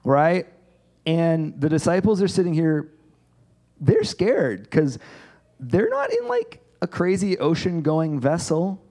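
A man giving a casual, conversational sermon, animated and chatty as he acts out a Bible story. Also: a little high, takes it slowly. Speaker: pastor.

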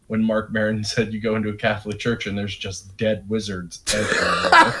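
A young man co-hosting a podcast, telling profane, animated stories in casual chat. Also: on the low side, moderate pace, heavy background noise. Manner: profane, laughing, animated storytelling. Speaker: podcast co-host.

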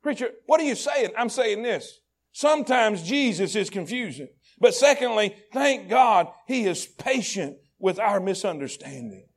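A very high-voiced man preaching a sermon. He stacks repeated phrases in rhythm and drops to a near hush before climbing to shouted peaks. His delivery is heartfelt and impassioned. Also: lively intonation, a little slow. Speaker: pastor.

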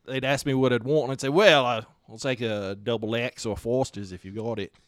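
A man's voice: medium pitch, steady tone, a little fast, no echo, close to an everyday voice. A man putting on an Australian accent to play a boastful surfer bloke from Perth, as a comic improvised impression. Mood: cocky. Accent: put-on Australian.

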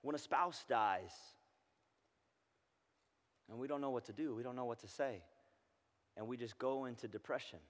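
A man preaches to his congregation in a reverberant church hall, his voice swelling loud and impassioned at scripture, then sinking low and hushed. His voice sits at an ordinary middle pitch, with a long reverb tail trailing behind. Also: normal speed, long pauses. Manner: swings from loud impassioned reading to soft near-whispered intimacy. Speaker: pastor. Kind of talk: sermon.

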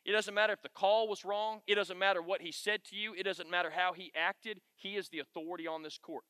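A middle-aged man, leading a men's Bible study with animated, emphatic storytelling and repeated key phrases. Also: high voice, a little fast, smooth, no echo. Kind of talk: storytelling sermon to a men's group.

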